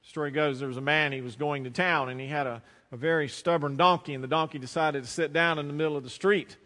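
A bright-voiced Southern American pastor preaches in a church sanctuary, his slightly high voice ringing with a long reverb. He tells stories and slows down or drops to a hush to stress a point. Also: fairly even intonation. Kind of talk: sermon. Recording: long reverb of a large hall.

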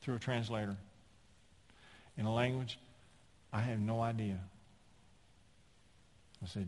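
A man preaching a sermon in a church, emphatic, with folksy humor and loud peaks on key words. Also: lowish voice, steady tone, unhurried, long pauses, a little hiss or hum. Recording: long hall reverb.

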